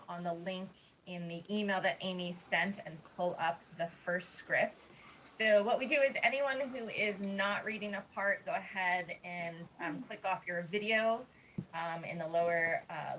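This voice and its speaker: A woman's voice: on the low side, fairly bright tone, a little hiss or hum, rough recording. Upbeat chatty woman hosting a table read. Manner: chatty, filler-laden and upbeat. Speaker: host of a script reading. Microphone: video call.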